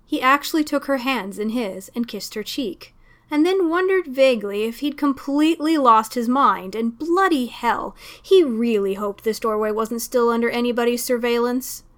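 A woman narrating a story aloud in a steady, expressive storytelling manner. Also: a little high, normal speed. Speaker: reader. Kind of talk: audiobook fan fiction reading.

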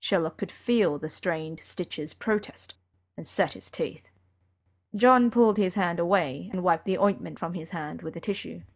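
Woman narrator, audiobook reading, low voice, quiet and even. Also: measured pace, vocal fry.

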